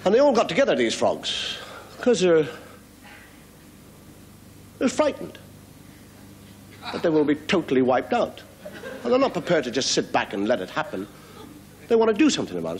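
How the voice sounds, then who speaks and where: An Irish man, a comedian and host, telling a story in an animated stand-up style in a TV studio before an audience. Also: a little high, normal speed, pauses often, crowd noise, noisy background. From Ireland.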